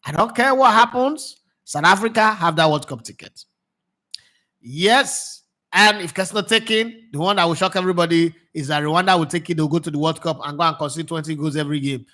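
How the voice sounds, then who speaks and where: A Nigerian man with a Nigerian accent, hosting a casual football commentary show, who talks in an animated way, drifts between Pidgin and English and laughs often. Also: on the high side, fairly quick. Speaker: sports show host.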